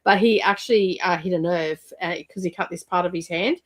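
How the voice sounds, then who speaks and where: A woman's voice: fairly low pitch, brisk. A woman hosting a livestream, chatting casually and rambling with lots of fillers while she reads viewer comments. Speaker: livestream host.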